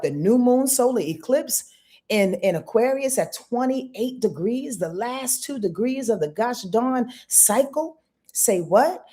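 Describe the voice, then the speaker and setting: A woman's voice: high-pitched, dark tone. A woman astrologer hosting a live-stream forecast, talking straight to her viewers with emphatic repeats and rhetorical questions. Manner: talks straight to viewers in chat. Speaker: astrologer host.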